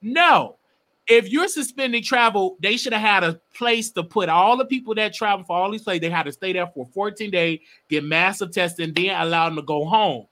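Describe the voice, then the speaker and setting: A man's voice: high-pitched, moderate pace, sharp tone. A man hosting a live stream, giving casual, emphatic political commentary and swearing now and then.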